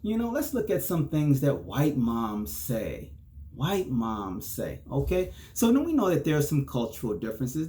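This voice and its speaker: A man's voice: mid-range voice, a little mellow. A man hosting a solo podcast, chatting casually, chuckling between points and often checking in with "okay?". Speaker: podcast host.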